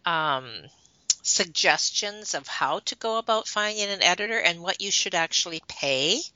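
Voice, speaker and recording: Bright, encouraging woman interviewer. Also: lowish voice, animated, no room sound. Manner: encouraging, quick to laugh. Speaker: interviewer, host. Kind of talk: interview questions. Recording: dull lo-fi dry recording.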